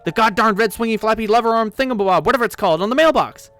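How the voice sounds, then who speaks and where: A man voicing an excitable, flustered teenage girl in a read-aloud webcomic. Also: a little slow, vocal fry, soft background music, heavily acted. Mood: frantic. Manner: shrill frantic shouting.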